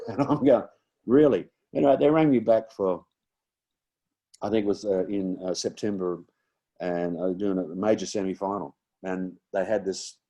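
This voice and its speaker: Deep-voiced older Australian man. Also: dark tone. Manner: rambling, anecdotal, many fillers and restarts. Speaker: guest comedian and impressionist. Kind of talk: casual storytelling chat.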